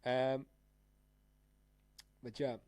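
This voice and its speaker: A man hosting a live trading stream in a loose, slang-heavy way, speaking straight to his viewers. His voice is mid-range in pitch. The sound is dry, with little room around it. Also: flat delivery, very slow, darkish tone, clear, resonant tone, no echo. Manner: casual, slangy, addresses viewers as guys and dude.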